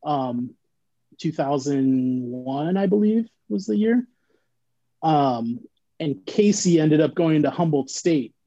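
A man's voice: fairly high pitch, warm tone, dull audio. A man reminiscing in casual chat, rambling in a laid-back way with lots of "like.". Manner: laid-back rambling storytelling, heavy use of "like". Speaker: band member recalling band history.

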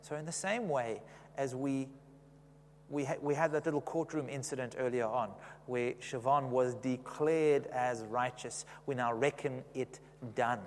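A man's voice: mid-range voice, a little slow, in a large hall, slight background noise. A man preaching a sermon in a conversational way, often asking the congregation questions.

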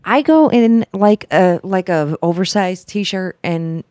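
A young woman with a notably low voice co-hosts a relaxed podcast, teasing her partner and laughing easily. She is recorded close and dry, with no room sound around her. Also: takes it slowly, no echo. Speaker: podcast co-host. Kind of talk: casual banter podcast. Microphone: talking close into a mic.

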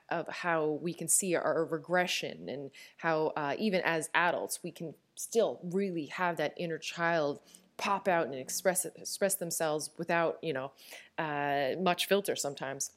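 Newfoundland woman, candid podcast host. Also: sits low. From Newfoundland, Canada. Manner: warm and candid, laughs often, frequent fillers and restarts. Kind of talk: reflective personal podcast talk.

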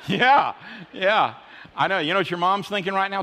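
Man in his fifties preaching, folksy storyteller, slightly high voice, long church reverb, faint room noise. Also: normal speed, sharp tone. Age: 50s. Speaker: pastor. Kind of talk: sermon with personal stories. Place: church auditorium.

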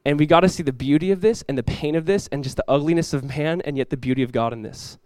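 A young man preaching a sermon as a pastor, telling stories in a casual, animated way with many asides. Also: fairly high pitch, quick pace, clean tone, dry recording.

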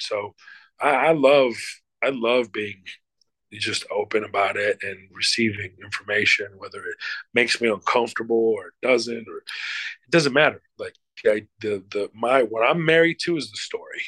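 A man's voice: lowish voice, normal speed, a bit bright, no room sound, rough recording. A middle-aged man, an actor and showrunner, answering interview questions in a loose, emphatic way, swearing freely and using many fillers.

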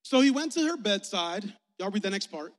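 A man preaching a lively, joking youth sermon in slangy talk, acting out little voices as he tells stories. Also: high voice, fairly quick. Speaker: youth pastor. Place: church sanctuary. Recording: long reverb of a church sanctuary.

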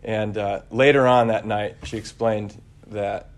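A man preaching a conversational homily, relaxed and searching, with frequent fillers and restarts. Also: fairly low pitch, unhurried.

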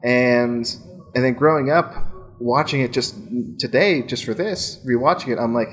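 A man's voice: mid-range voice, moderate pace. A man hosting a podcast, chatting casually with enthusiasm and introducing clips, rambling with fillers. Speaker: podcast host.

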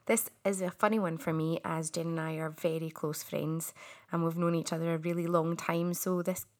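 Chatty woman podcast host, lowish voice. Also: level tone, normal speed. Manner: friendly, chatty, laughs easily. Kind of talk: casual interview chat.

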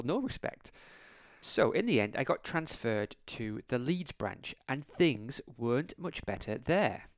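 A man, an optometrist hosting a podcast, tells a workplace anecdote in a chatty, animated way, often restarting his sentences. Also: mid-range voice, creaky, dry recording, studio quality. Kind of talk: casual storytelling monologue.

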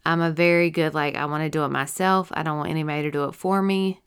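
Tearful and worn out, a young woman who survived a stroke tells her personal story, breaking off, restarting and using many fillers, with yawns between her thoughts. Through it all her lowish voice remains resonant and smooth.

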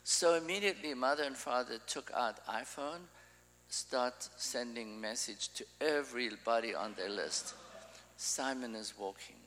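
A man's voice: mid-range voice, moderate pace, a bit bright, big-room sound, poor audio. A man preaching an informal sermon, talking in a loose, conversational way and often restarting his sentences.

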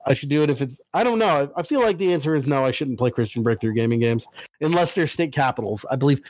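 A man co-hosting a casual gaming podcast, reading listener emails aloud and breaking into fast, playful mock-angry rants. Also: mid-range voice, expressive, darkish tone, dry recording. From Italian heritage. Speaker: podcast co-host.

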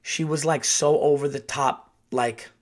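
A man hosting a podcast, telling a rambling, profane, animated story in a casual way. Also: on the high side, unhurried. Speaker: podcast host and comedian.

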